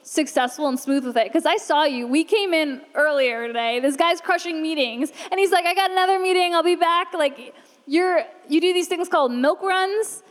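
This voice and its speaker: Female moderator, high and upbeat, live event hall with long reverb. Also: normal speed. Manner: gushing, upbeat, praising. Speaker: panel moderator. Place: event venue before live audience.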